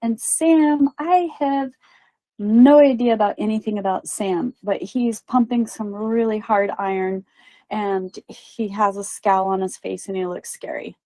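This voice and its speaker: A woman's voice: medium pitch, fairly even intonation, unhurried, dark tone, no room sound, rough recording. A woman telling a story as a medium, chatty and full of fillers and quoted voices. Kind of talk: casual storytelling.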